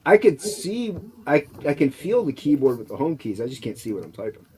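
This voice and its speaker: A man guest on a casual livestream, animated and quick to laugh. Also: on the high side, low-quality recording. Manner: animated, laughing, mimics voices.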